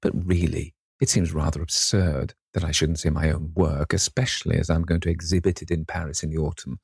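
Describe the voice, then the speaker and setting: A man's voice: very deep voice, little pitch movement, a little fast, gravelly, husky, dry recording, studio quality, full character voice. A man reading the lines of an earnest, fond older painter in an audiobook, coaxing and insistent. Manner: warm-hearted, coaxing, pleading.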